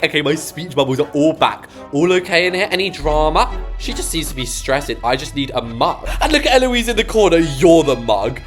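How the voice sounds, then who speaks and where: Gaming youtuber, dramatic reactions, mid pitch, swooping voice, soft music underneath. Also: very animated. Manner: dramatic, gasping, quick reactions. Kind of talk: excited gameplay commentary.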